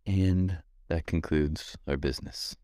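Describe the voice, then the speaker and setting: Deep-voiced joking podcast co-host man. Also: steady tone, takes it slowly, dark tone, no room sound, clean studio sound. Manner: jokey, reads out sponsor and patron thanks. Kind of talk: casual podcast chat.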